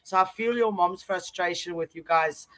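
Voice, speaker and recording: A woman interviewing a guest in a casual chat, loud and excitable, laughing often. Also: on the low side, moderate pace.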